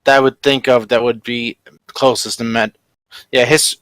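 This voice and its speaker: A man's voice: mid-range voice, little pitch movement, moderate pace, a bit bright, clean tone, no room sound. A man playing a tabletop game, chatty and rambling. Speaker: player. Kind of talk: casual tabletop play.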